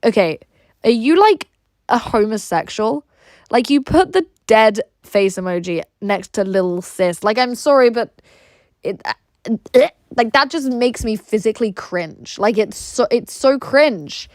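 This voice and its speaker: A woman's voice: a little high, expressive, a little slow, no room sound. Blunt English-accented woman, very dry sound. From Russia. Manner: blunt, crude and rambling, with many "like" fillers. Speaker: livestreamer. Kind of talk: casual livestream chat, reacting to viewer messages.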